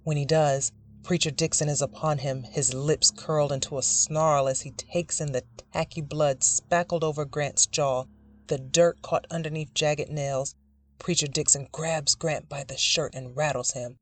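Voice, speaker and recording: A narrator reading a dark literary short story in a measured, dramatic way. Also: medium pitch, fairly even intonation.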